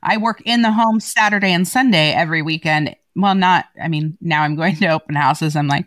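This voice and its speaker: A woman chiming into a casual conversation with breezy, brisk asides. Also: deep voice, fairly bright tone, no echo, clean studio sound.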